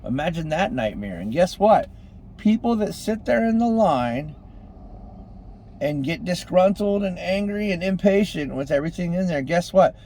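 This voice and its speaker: A man giving an impassioned motivational monologue, swinging between loud exhortation and hushed intensity, calling on the listeners as ladies and gentlemen. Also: high voice, lively intonation, normal speed. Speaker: street preacher-style motivational speaker.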